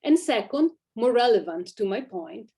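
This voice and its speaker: Woman with an Italian accent, measured. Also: fairly high pitch, big pitch swings, mellow. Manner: measured, read from a script. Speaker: academic researcher. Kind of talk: prepared conference talk.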